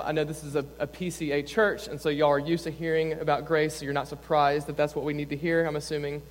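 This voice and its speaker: A young adult man, a campus pastor, preaching a sermon in an earnest, conversational way, often saying "like". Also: on the high side. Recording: long reverb in a church hall.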